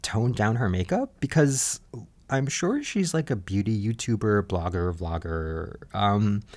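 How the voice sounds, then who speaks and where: A man's voice: lowish voice, big pitch swings, measured pace, darkish tone. A man hosting a podcast, recapping a reality show in casual, gossipy chat and laughing often. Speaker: podcast host.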